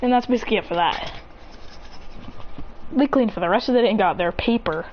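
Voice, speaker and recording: A woman casually telling a fan-fiction story in an excitable way, her pitch jumping as she voices each character. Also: a little fast, muffled recording, slight background noise.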